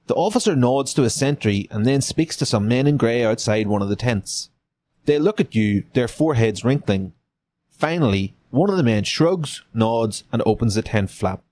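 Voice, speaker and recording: A man's voice: mid-range voice, darkish tone. A man hosts a podcast and reads a gamebook aloud, page by page. He narrates plainly and breaks off for cheeky, profane jokes between choices. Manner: irreverent, swears in asides. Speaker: podcast host. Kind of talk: reading a gamebook aloud with joking asides.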